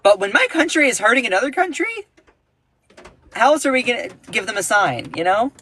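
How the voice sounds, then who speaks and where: A man giving casual, indignant political commentary on a livestream, emphatic, with sudden jumps in pitch. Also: sing-song, a little fast, pushed and bright, a little hiss or hum. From United States.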